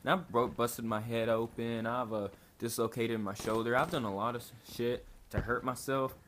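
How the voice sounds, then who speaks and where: A man's voice: mid-range voice, level tone, moderate pace, fairly bright tone. Rambling, profane young man vlogging. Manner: rambling, profane, laid-back. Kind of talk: casual storytelling to camera. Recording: noisy home recording.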